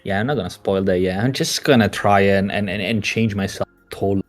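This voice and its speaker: A man's voice: lowish voice, a little fast, soft background music. A man playing a tabletop game, rambling and joking about himself. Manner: rambling, self-mocking. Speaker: player.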